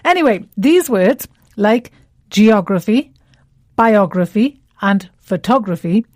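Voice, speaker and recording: A woman presenting an English lesson in a scripted dialogue, speaking clearly and deliberately and stretching words out to show their stress. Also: medium pitch, a little mellow, dry recording, studio quality.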